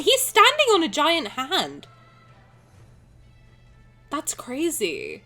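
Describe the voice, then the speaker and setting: Young woman streamer, bit high voice, swings all over the place, joking around w faint game music behind. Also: very slow. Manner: playful, joking, bursts of excited shouting. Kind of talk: casual game stream commentary.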